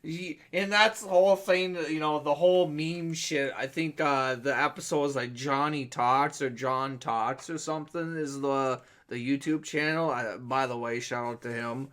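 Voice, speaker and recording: American guy ranting on his podcast, rambling, swears a lot, middle pitch. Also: fairly even intonation, normal speed, few pauses, fairly bright tone. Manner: profane, rambling rants. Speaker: podcast host. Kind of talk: casual podcast chat.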